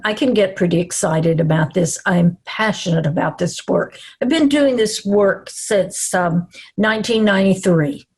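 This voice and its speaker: Slow calm older Southern woman. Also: lowish voice, breathy edge. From American South. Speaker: presenter. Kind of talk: webinar presentation.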